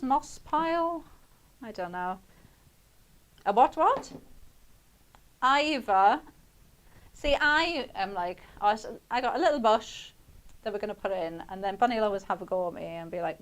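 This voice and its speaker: A young woman presenting a live craft demonstration on shopping TV. She talks in a chatty, rambling way and laughs often. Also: medium pitch.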